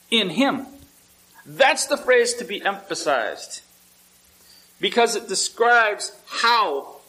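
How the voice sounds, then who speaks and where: In a low-quality recording, a male pastor with a high, sharp-toned voice delivers a conversational sermon. He keeps posing questions to the congregation and repeats words whenever he restarts a thought.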